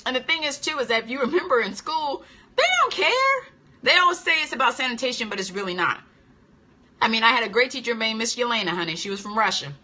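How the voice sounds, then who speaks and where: Bright-voiced woman chatting on a livestream. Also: fairly high pitch, fast talker, slight background noise. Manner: chatty and animated, reads and answers viewer comments; playful and expressive, laughs often. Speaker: esthetician and online trainer hosting a live chat. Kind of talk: casual live-stream chat with viewers.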